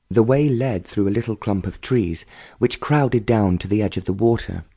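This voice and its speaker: A man narrating a romance novel audiobook in a measured storytelling manner. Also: on the low side, dark tone, breathy edge. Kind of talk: scripted narration.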